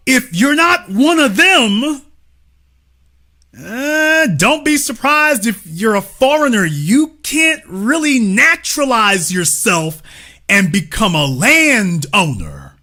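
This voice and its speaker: A man's voice: very high voice, very animated, takes it slowly, bright, forceful tone. A man hosting a livestream, giving emphatic, profane opinion commentary and talking straight to his chat. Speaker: livestream host.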